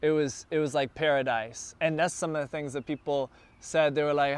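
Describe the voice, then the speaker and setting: A man who is a church planter, telling a casual, animated story to a group gathered in a backyard. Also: a little high, moderate pace, smooth. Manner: animated, builds excitement as the story goes on. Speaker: church planter addressing his launch team.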